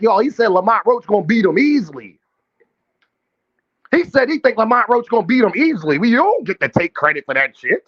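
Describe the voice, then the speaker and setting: A man hosting a live boxing stream, talking brash and profane trash while calling out viewers in his chat. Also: extremely high pitch. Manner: addresses chat directly, calls out viewers. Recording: dull lo-fi stream audio.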